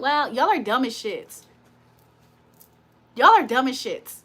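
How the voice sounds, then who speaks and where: Woman livestream host, high sharp voice, blunt and profane. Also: lively intonation, unhurried, long pauses. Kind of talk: casual live chat to viewers.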